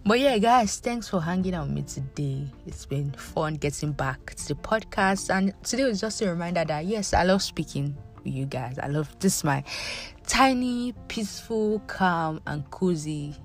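A woman's voice: sits low, moderate pace, hardly any pauses, faint music behind. A woman hosting a book podcast, chatting in a casual, self-deprecating way with her listeners. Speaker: podcast host.

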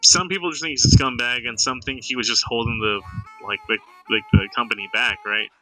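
A man's voice: medium pitch, fairly even intonation, brisk, bright, forceful tone, faint music behind, rough recording. A young man co-hosting a podcast in casual chat, talking in a teasing way and often stumbling through restarts. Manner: chatty, teasing, stammers on restarts. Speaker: podcast co-host.

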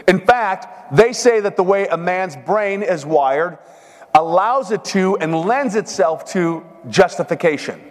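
A man's voice: high voice, lively intonation, unhurried. A middle-aged man giving a folksy, joking sermon-style talk at a men's seminar. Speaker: seminar speaker. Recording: long hall reverb.

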